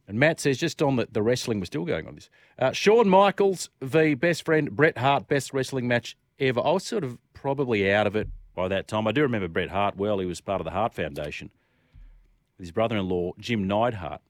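A man's voice: medium pitch, lively intonation, brisk, no echo. A man hosting talkback radio, reading out listener texts and chatting about sport in a loose, playful way. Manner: chatty, reads listener texts aloud, playful crowd chants. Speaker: radio host. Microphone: studio microphone.

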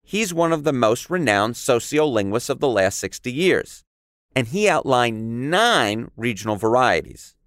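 A man's voice: medium pitch, big pitch swings, a little slow, fairly bright tone, dry recording, studio quality. A young man with a New York accent, hosting a podcast with playful, jokey narration. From New York area. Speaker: podcast host. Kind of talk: scripted podcast narration and chat.

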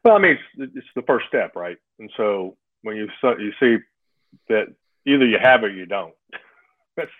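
A man in his fifties speaks over a thin, phone-like remote line with a slightly low voice. He rambles through his points and keeps tagging them with "right?". The sound is close and dead, with no room around it. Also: animated, normal speed, no echo. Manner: rambling, restarts often, tags thoughts with "right?". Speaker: former college football player, guest. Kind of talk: casual interview talk. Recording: phone-like remote call, dry.

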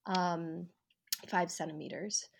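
A lowish-voiced woman speaks from her living room, recounting a hard stretch of her life. She is reflective and open, and brightens when she acts out the voices of the people she quotes. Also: fairly even intonation, takes it slowly, gravelly, slight background noise. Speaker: podcast guest, actor and writer. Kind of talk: personal storytelling in an interview.

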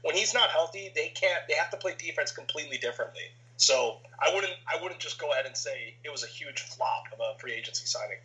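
Bright, argumentative sports podcast host. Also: male voice, fairly high pitch, expressive, poor audio. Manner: argumentative, fast-talking, pushes back. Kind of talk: casual sports debate.

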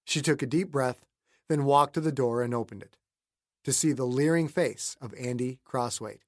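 A man narrating a novel as an audiobook in an even, measured storytelling voice. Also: mid-range voice, dry recording, studio quality. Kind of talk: scripted narration.

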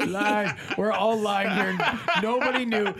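A man in his fifties hosting a radio morning show, chatty and quick to laugh. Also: sits high, fairly even intonation, very noisy. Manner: chatty, laughs easily, many fillers. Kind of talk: casual radio banter.

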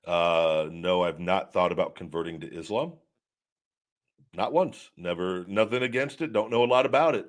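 A man's voice: deep voice, normal speed. A man hosting a live show, rambling candidly as he reads out viewer questions and answers them off the cuff. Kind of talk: casual live-stream chat.

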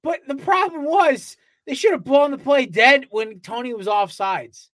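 A man's voice: very high voice, a little slow, a bit bright, no room sound. Man, sports podcast co-host, fired-up rant, heavy swearing, dry close sound. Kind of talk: casual sports chat.

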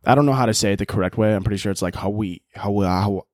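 A man's voice: lowish voice, rapid-fire, darkish tone, dry recording, studio quality. A man in his twenties with a Chicago accent, ranting profanely and laughing as a solo podcast host. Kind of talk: casual solo podcast rant.

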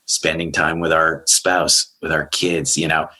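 On a casual podcast, a Canadian therapist guest talks in a level, sharp-toned voice at a measured pace. Earnest and rambling, he fills his speech with fillers and raises his pitch to do voices for the people he quotes. It's a low-quality recording.

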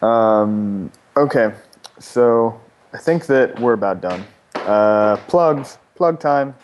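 A man's voice: lowish voice, lively intonation, takes it slowly, a little mellow. A man on a podcast panel, talking casually in a blunt, joking way. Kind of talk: casual chat.

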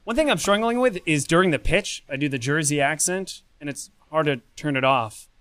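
Male guest, bright and forceful tone, dry close mic, chatty and upbeat. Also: a little high, lively intonation, brisk, clear, resonant tone, no room sound. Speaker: game publisher guest. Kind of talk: casual chat. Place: live convention panel.

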